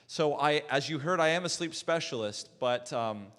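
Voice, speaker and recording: A man's voice: a little high, animated, moderate pace, a bit bright. A middle-aged man, a sleep specialist, lecturing a church audience in a conversational way and asking the room questions. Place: lecture hall. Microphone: handheld mic, swapped mid-talk. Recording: long hall reverb.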